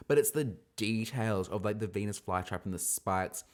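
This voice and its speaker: A man hosting a casual review podcast, talking in a gossipy, animated way with sudden excited squeals. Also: lowish voice, normal speed. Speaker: podcast host reviewing a drag competition.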